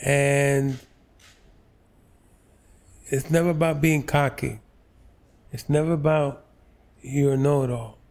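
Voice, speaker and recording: A man in his sixties from New York's Lower East Side, an actor telling stories in an interview, slow and halting with many fillers. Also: fairly even intonation, darkish tone. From New York, Lower East Side. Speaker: actor, guest. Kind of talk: relaxed interview storytelling.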